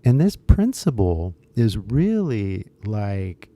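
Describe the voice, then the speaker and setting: A man chatting loosely to his viewers about an idea he is pitching, his speech full of fillers and quick restarts. His voice sits a little low and sounds very dark and mellow. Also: very animated. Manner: switches into Japanese at times. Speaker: English teacher and shirt seller. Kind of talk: casual talk to viewers.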